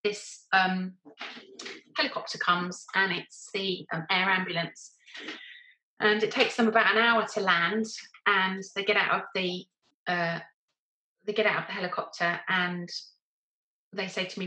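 A woman's voice: mid-range voice, steady tone, moderate pace, pauses often, sharp tone, reverberant, rough recording. A woman telling a personal story in a casual, wry, self-mocking way, with short laughs between lines. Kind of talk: personal anecdote told casually.

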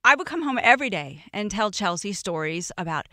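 A woman's voice: mid-range voice, big pitch swings, fairly quick, sharp tone, no room sound, clean studio sound. A middle-aged woman telling personal stories in casual chat, acting out the quotes with animation. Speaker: guest.

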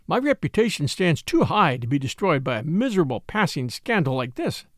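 A man voicing an unctuous, self-righteous gentleman in a storybook reading. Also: on the high side, sing-song, fairly quick, no echo, clean studio sound. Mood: soothing. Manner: unctuous, earnest. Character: smooth pious gentleman, self-righteous charmer.

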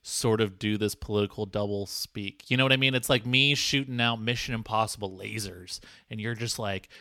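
A man's voice: lowish voice, steady tone, normal speed, sharp tone, dry recording, studio quality. A man co-hosting an improvised comedy podcast, teasing his partner in a mock-exasperated way, with plenty of fillers. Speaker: podcast co-host.

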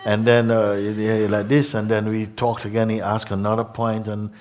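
A male spiritual teacher addresses a gathering in a satsang talk, his lowish, slightly mellow voice staying monotone. The delivery is slow and reflective, dotted with tag questions such as "no?" and "hmm?".

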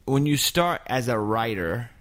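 A man's voice: medium pitch, animated, measured pace. A man who hosts a radio show, chatting casually with a guest. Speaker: radio host. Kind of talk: casual interview chat.

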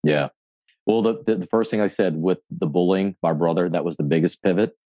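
A deep, mellow man in his forties tells how he got into fitness, recorded close and dry. He talks casually, swears freely and plays out the voices of friends and himself. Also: a little fast, no room sound. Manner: animated storyteller, acts out quotes, swears casually. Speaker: gym owner and fitness coach. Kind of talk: podcast interview, casual storytelling.

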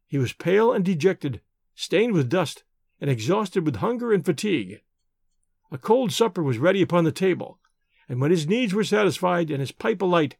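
A man narrates an audiobook with an expressive, animated storytelling delivery. His voice sits fairly high and the recording is dry and close. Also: vocal fry, no echo. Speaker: audiobook reader. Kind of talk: scripted narration.

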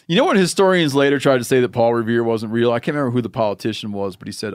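A man's voice: medium pitch, very fast, clean tone, dry recording, studio quality. A man hosting a podcast, telling a rambling, playful story in casual chat. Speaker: podcast host.

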